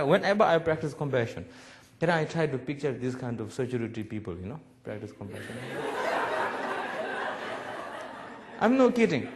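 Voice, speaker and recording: Buddhist teacher with broken English. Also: male voice, mid-range voice. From Nepal. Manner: broken English, lively storytelling with laughs. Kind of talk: public talk.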